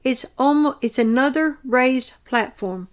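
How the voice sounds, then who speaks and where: A woman whose voice is somewhat high for a woman reads aloud an account of her dream. Her delivery is earnest, measured and descriptive.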